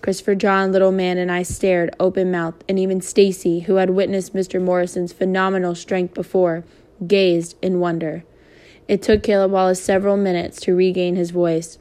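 Woman reading a novel aloud, flat and steady. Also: medium pitch. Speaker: reader.

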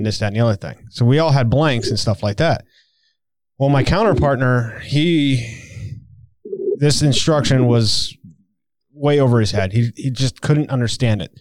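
A man's voice: mid-range voice, normal speed, a little mellow, no echo. A man in casual chat who laughs often and tells a crude anecdote.

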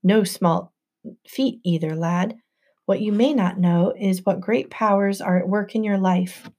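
A woman's voice: mid-range voice, a little slow, close to an everyday voice. A woman voicing a kindly, patient male teacher who speaks formally, in an audiobook. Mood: gentle. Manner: gentle and formal. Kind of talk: audiobook narration.

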